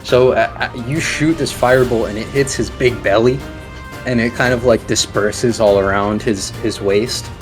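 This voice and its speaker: A man narrating as game master of a tabletop game, halting with many fillers and restarts. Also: mid-range voice, steady tone, over music.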